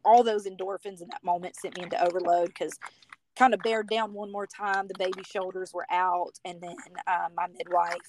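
A woman's voice: lowish voice, steady tone, normal speed, darkish tone, slight background noise. A woman from the United States telling her personal story as a guest on a podcast, chatty and heartfelt, with lots of "you know" and "like".

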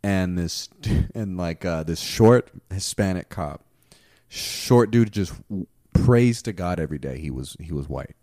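Young guy rambling thru a drunk story, lots of like, kinda low voice, dry mic. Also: lively intonation, measured pace, mellow, no echo. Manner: rambling, many "like" fillers, crude. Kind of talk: casual storytelling.

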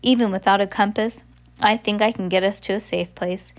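A calm, manipulative old man from a storybook who speaks smoothly and evenly, as a woman reads him. He sounds like someone used to getting his way. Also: mid-range voice, brisk, lightly acted.

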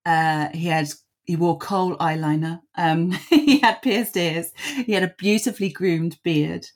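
A woman's voice: fairly low pitch, measured pace. A woman author and scholar answering interview questions at length, thoughtful, with many ums and small laughs at herself.

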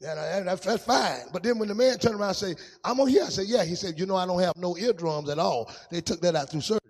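A man preaching a testimony sermon in a sing-song style, dropping to a hush and rising to shouts. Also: high voice, quick pace, breathy edge, big-room sound.

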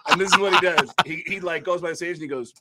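A man guest on a podcast, telling a story in a casual, lively way and jumping into voices. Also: high-pitched, quick pace, very noisy. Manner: lively, acts out voices, lots of fillers. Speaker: comedian guest. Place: podcast studio.

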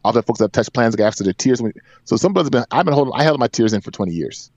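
Rapid-fire and expressive, a forties-aged man on a podcast shares a personal story, earnest and emphatic, often repeating himself. His medium-pitched voice is a little mellow. There's no room sound, and the audio is dry, dull and lo-fi.

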